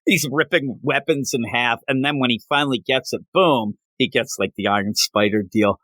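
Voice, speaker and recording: A man's voice: mid-range voice, moderate pace, fairly bright tone, no echo. A man hosting a casual comic book review, retelling the plot animatedly and laughing often.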